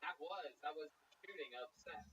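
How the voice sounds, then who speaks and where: A man's voice: fairly high pitch, moderate pace, a bit bright, dull audio. A man hosting a comedy show, doing crowd work with brash, profane, mocking banter from a club stage. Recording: distant mic with faint noise.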